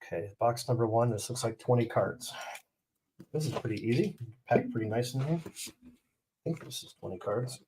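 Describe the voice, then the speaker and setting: A man's voice: medium pitch, animated, normal speed, pauses often, warm tone, slight background noise. A fired-up man hosting a casual live stream, ranting bluntly and talking to his chat.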